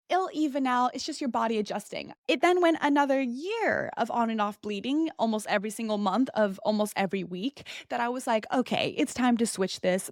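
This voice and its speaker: A young woman hosting a podcast tells a personal story in a chatty, candid monologue, acting out other people's voices. Her voice is medium-pitched, and the clean studio recording has no echo.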